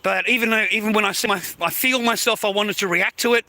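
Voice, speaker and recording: Aussie bloke ranting on a live, swears nonstop, high bright voice, really cranky. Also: male voice, fairly even intonation, fast talker. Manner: angry, heavy swearing, blunt. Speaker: livestreamer. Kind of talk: profane live-stream rant.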